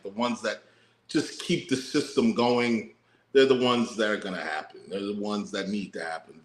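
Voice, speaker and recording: A man's voice: on the low side, echoey room. A man co-hosting a podcast, musing in a laid-back, profane way. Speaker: podcast co-host. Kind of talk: casual podcast chat.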